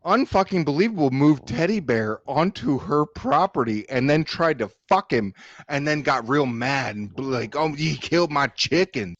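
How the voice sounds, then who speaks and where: A man's voice: mid-range voice, animated, normal speed, no echo, highs cut off. A ranting, swearing man. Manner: angry, profane, jeering rant. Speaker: panel guest. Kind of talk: heated livestream panel rant.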